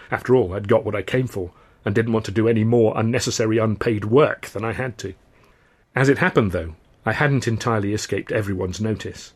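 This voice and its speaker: A man narrates his own novel in the first person, with a dry, wry touch to the storytelling. His voice sits low and carries a husky, slightly breathy grain. The reading is measured and scripted.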